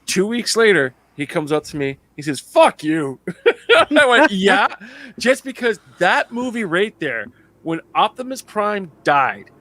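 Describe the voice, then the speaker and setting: A man co-hosting a casual podcast chat, telling animated stories, laughing often and acting out other people's lines. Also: high-pitched, measured pace. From Canada. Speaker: podcast co-host.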